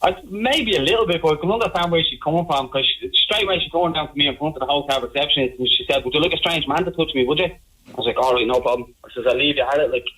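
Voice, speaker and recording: A man with an Irish accent, calling in to a radio show by phone and telling a story in an animated way that keeps coming back to the same points. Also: fairly high pitch, fast. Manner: animated, repeats himself while telling a story. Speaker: caller. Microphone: telephone. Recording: phone line.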